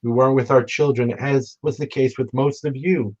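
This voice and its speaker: A man telling stories in memory of his late brother at a remembrance gathering, speaking in a halting, reflective way with frequent restarts. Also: medium pitch, steady tone, husky, muffled recording. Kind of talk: storytelling remembrance. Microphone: remote broadcast.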